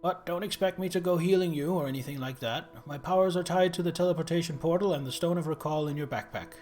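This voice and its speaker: A man's voice: on the high side, fast talker, darkish tone, soft background music, close to an everyday voice. A man reading the lines of a blunt, no-nonsense male portal keeper.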